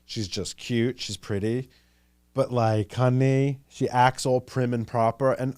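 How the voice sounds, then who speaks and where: A chatty man in his thirties with a New York accent hosts a solo podcast, chattering gossip and hopping from thought to thought. His middle-pitched voice is recorded close and dry, with no room sound. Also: steady tone, a little slow, a little mellow, clean tone, no room sound. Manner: chatty and gossipy, jumps between ideas, acts out quotes. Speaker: podcast host. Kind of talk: casual solo podcast chat.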